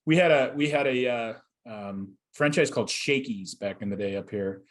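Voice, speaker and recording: A man's voice: medium pitch, normal speed. A middle-aged man co-hosting a podcast, rambling casually with fillers and restarts. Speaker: podcast co-host.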